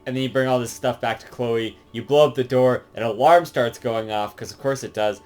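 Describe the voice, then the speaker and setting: A man's voice: medium pitch, steady tone, brisk, darkish tone, soft background music, rough recording. A man casually talking through a video game, rambling with lots of fillers and swearing. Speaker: game reviewer. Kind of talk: casual game review commentary.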